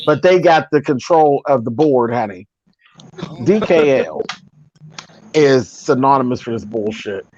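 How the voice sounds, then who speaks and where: A woman's voice: extremely low pitch, expressive, a little slow, pauses often, a little mellow. A woman hosting a casual, sassy gossip chat, cursing freely and laughing often. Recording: dull lo-fi sound.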